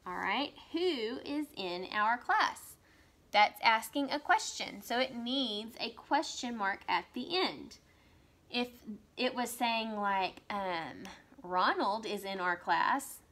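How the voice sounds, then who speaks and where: A woman teacher talks young children through a writing lesson. Her voice is bright and forward. She slows down and stresses each example sentence she reads aloud. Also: a little high. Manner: slow, exaggerated read-aloud of example sentences.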